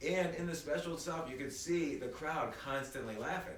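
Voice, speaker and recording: A man with a fairly high voice speaks at a normal pace over a faint hiss or hum. He's a guest in a casual conversation, animatedly telling stories and restarting often. A phone across an apartment room captures him, so the sound is echoey and distant with faint ambience.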